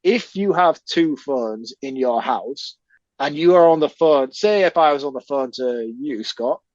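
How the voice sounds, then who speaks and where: A man's voice: medium pitch, lively intonation, unhurried, darkish tone, no echo, dull audio. Man recapping a film, dry mic. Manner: retells scenes, acting out characters' lines with a raised voice. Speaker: podcast co-host. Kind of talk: casual film review chat.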